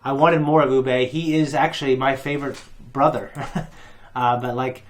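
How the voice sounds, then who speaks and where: A man giving a casual, rambling recap of a TV episode, with many pauses and restarts as a reaction video host. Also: mid-range voice, steady tone.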